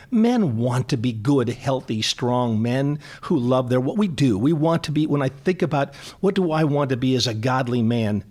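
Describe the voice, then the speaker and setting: A middle-aged man, a psychologist guest on a radio show, talking in an animated, emphatic way and repeating phrases for stress. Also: medium pitch. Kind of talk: conversational radio interview.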